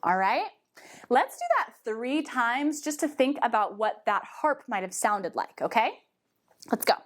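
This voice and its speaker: A high-voiced young woman leads children through a fairy tale with her body, coaxing and sing-song. She talks in an unhurried, drawn-out way, stretching her words for little listeners. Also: animated. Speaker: children's theater teacher. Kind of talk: guided movement storytelling for kids.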